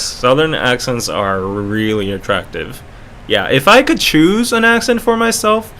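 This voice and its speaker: A man's voice: medium pitch, a bit bright, a little hiss or hum. A man hosting a casual livestream podcast with a North American accent, rambling and chatty with lots of fillers. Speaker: podcast host.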